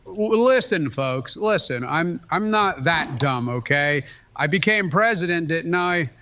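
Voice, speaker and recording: A man's voice: fairly high pitch, expressive, unhurried, bright, forceful tone, highs cut off, a little hiss or hum. A man putting on a rambling elderly male politician impression, stammering and mixing up his words. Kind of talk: comedic gameplay voice impression.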